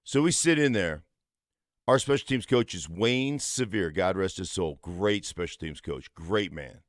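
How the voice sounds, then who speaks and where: A man's voice: low-pitched, lively intonation, a little slow, no echo. A man in his fifties, a former football player and radio co-host, talking sports with emphatic conviction in a studio. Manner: emphatic, tells stories with conviction.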